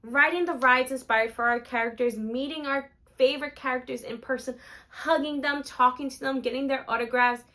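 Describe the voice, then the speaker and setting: A woman's voice: sits high, fairly even intonation, normal speed, bright, forceful tone. A young woman vlogging about theme parks, gushing and emotional as she talks. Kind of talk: excited theme park vlog chat.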